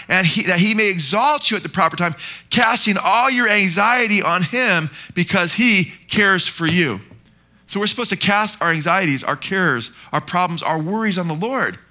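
A Californian man preaching a church sermon in a very bright, ringing voice that sits a little high. He stays animated and talks straight to the congregation with quick asides. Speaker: pastor.

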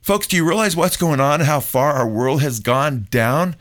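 A man's voice: fairly high pitch, moderate pace, a bit bright. A middle-aged man, a pastor hosting a radio talk show, preaching emphatically and calling his listeners folks.

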